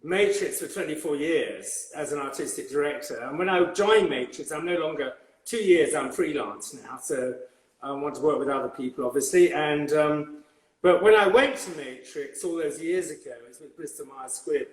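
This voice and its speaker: A man's voice: fairly high pitch, echoey room, poor audio. Older man with a posh English accent. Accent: old-fashioned upper-class English. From England. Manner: rambling and halting, with many repeated words and fillers. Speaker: guest hairdresser. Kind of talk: conversational interview.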